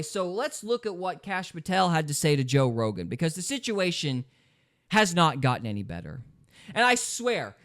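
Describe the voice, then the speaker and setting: Podcast host guy, kinda high voice, super lively up and down, sarcastic reaction chat. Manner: animated, sarcastic, swings pitch widely for emphasis. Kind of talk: casual reaction commentary.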